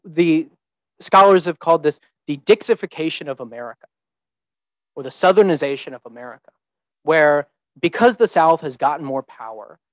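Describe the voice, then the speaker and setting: A man's voice: on the high side, dry recording, low-quality recording. A young man giving an informal talk to students as a teaching fellow, thinking aloud with many ums and restarts. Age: young adult. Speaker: visiting teaching fellow presenting.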